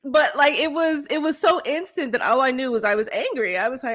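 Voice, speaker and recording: A woman's voice: high-pitched, brisk, few pauses, fairly bright tone. A woman co-hosting a podcast in candid casual chat, laughing often, swearing freely and acting out her own angry outbursts. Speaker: podcast co-host.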